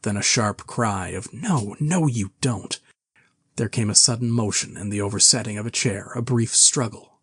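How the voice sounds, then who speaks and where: Husky low male storyteller. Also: no echo, studio quality. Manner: measured, even storytelling. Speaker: narrator. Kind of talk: scripted narration of a classic novel.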